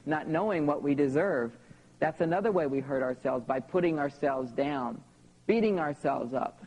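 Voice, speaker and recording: A man's voice: fairly high pitch, normal speed, rough recording. Man in his thirties giving a seminar talk. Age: 30s. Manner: animated personal storytelling, often checking in with "okay?". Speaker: seminar speaker. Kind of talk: live seminar talk to an audience.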